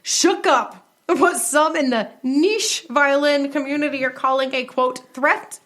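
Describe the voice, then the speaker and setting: A woman's voice: sits high, measured pace, a bit bright. A woman with a Southern US accent, co-hosting a podcast and telling a true crime story, laughing often and saying y'all. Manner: giggly, laughs through the story, says y'all. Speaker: podcast co-host.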